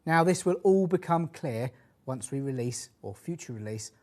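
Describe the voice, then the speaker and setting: Measured male product presenter. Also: medium pitch, lively intonation, a little mellow. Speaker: product demonstrator. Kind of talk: presenting a tool demonstration.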